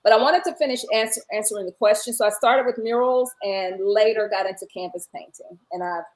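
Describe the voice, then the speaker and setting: Woman dance teacher, lively storyteller, acts out the voices, mid pitch, over a video call. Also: fairly quick, low-quality recording. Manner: animated, acts out dialogue in her stories. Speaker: line dance instructor and painter. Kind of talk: casual interview storytelling.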